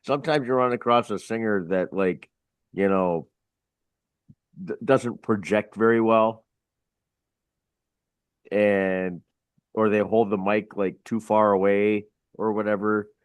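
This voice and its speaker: A man with a lowish voice recounts karaoke gigs in a relaxed, meandering way, full of fillers. The sound is dry and close. He is co-hosting a casual talk show. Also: takes it slowly, pauses often, clear, resonant tone, no room sound. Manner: laid-back, rambling with fillers. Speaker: karaoke DJ co-host. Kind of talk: casual storytelling.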